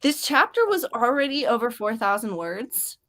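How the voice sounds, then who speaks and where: A woman's voice: fairly high pitch, big pitch swings, normal speed, a bit bright. A woman hosting a casual writing livestream, chatty and upbeat, reading viewer comments aloud. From grew up near Mexico. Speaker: host of writing sprint livestream.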